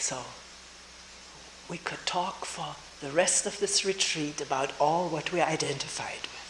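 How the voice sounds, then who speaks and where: An older woman from Germany, giving a slow, thoughtful talk at a retreat with pauses and soft laughs. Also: low-pitched. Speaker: retreat teacher. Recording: roomy old tape with hiss.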